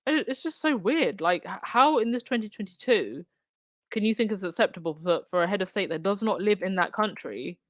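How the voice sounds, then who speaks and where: A woman's voice: mid-range voice, animated, brisk, dry recording, clean studio sound. A woman with an Essex accent chatting casually as host of a commentary livestream, reading out articles and viewer comments with lots of restarts. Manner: frequent restarts and fillers.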